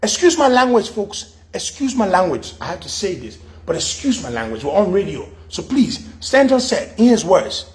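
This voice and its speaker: A middle-aged man holds the mic as a radio host, telling a story in a high voice. His pitch leaps all over as he acts out what each person said. He keeps swinging between his own telling and the voices he puts on. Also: moderate pace, few pauses. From Liberia. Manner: animated, acts out quoted dialogue in shifting voices. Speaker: radio talk show host. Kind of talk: storytelling monologue.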